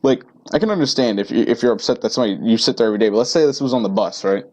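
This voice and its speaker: A man's voice: mid-range voice, animated, very fast, darkish tone, highs cut off. A teenage boy ranting casually to camera, rambling and profane with lots of fillers. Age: teens. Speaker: vlogger.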